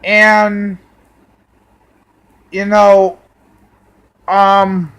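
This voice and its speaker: A man with an unusually high, bright voice, dragging each phrase out slowly as he vents. His tone is heated and full of curses, and he repeats himself as he builds up. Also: flat delivery, smooth. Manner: profane, heated, drawn-out delivery. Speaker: vlogger. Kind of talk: angry personal rant.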